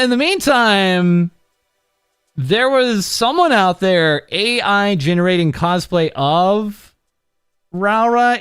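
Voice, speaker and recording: A man's voice: sits high, a bit bright, clear, resonant tone, dry recording, clean studio sound. Rambling man hosting a news show. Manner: rambling, full of uhs and laughs. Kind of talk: casual commentary over clips.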